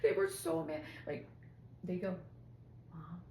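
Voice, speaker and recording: A woman's voice: fairly low pitch, lively intonation, moderate pace. Chatty middle-aged lady telling stories, laughing, roomy echo. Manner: chatty, laughs often, acts out quotes. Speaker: podcast host. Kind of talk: casual chat. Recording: echoey room.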